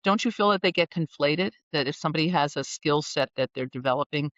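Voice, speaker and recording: A woman executive coach talking on a podcast, animated and playful, fond of wordplay. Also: low-pitched, fairly quick, dry recording, lo-fi sound. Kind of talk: conversational podcast interview.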